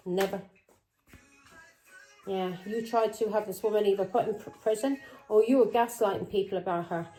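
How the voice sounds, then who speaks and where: A woman's voice: medium pitch, dark tone, poor audio. A woman giving a tarot reading in a confrontational, accusing tone who keeps breaking in with "Yeah?". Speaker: tarot reader.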